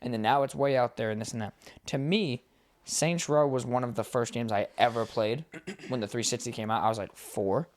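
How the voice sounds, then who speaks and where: A man's voice: mid-range voice, moderate pace. A young man co-hosting a podcast, telling rambling stories in casual chat and swearing freely. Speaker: podcast co-host.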